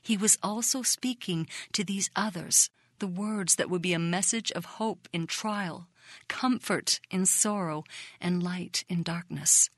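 A woman narrating a devotional book in a steady, measured reading voice that includes scripture citations. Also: fairly low pitch, no room sound, studio quality. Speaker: audiobook reader.

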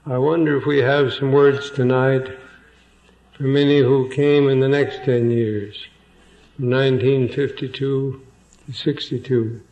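This evening sermon has a man read a passage, then slowly and deliberately echo its key phrases for emphasis and pose questions to the congregation. His mid-range delivery is flat and a little mellow, and the audio has its highs cut off.

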